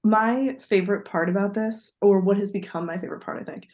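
Woman co-host, middle pitch, chatty and digressive, relaxed podcast chat. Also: brisk. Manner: chatty and digressive, laughs easily. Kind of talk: casual chat.

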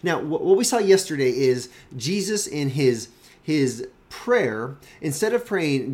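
A man's voice: a little high, sing-song, a little slow, a little mellow. A man, a pastor, giving a daily devotional Bible teaching in an earnest, emphatic, conversational way.

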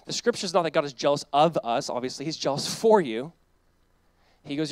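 Casting note: a high-voiced man preaching, loose and chatty, quotes acted out, dry close sound. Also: lively intonation, fairly quick, no echo. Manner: conversational preaching, acts out quoted voices, frequent "like". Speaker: pastor. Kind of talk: sermon.

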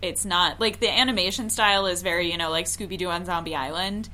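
A woman co-hosting a podcast, chatting casually with teasing, quick reactions. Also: on the low side, fairly even intonation, sharp tone, slight background noise. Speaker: podcast co-host. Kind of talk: casual chat.

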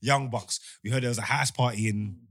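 A man rattles off slangy stories and laughs easily. He talks quickly in a bright voice, recorded dry and close. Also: medium pitch, fairly even intonation, husky, no echo. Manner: fast slangy anecdote-telling, laughs easily. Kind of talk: casual storytelling.

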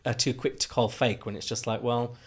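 Chatty young man with a softened Yorkshire accent. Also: mid-range voice, a little fast, slightly rough. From Huddersfield, Yorkshire, England. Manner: chatty and animated, jumps into little acted-out exchanges. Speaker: podcast co-host. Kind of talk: casual podcast chat.

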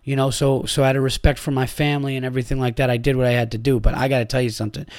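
A man's voice: medium pitch, level tone, racing, a little mellow, dry recording, clean studio sound. A middle-aged man hosting a podcast, telling listeners a profane, angry, rambling story with lots of restarts. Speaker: podcast host.

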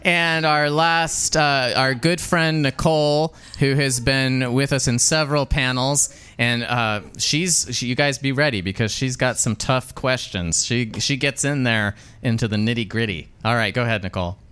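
A man's voice: medium pitch, normal speed, hardly any pauses, sharp tone, smooth. A man hosting a live storytelling show, friendly and welcoming as he introduces the panel. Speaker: host.

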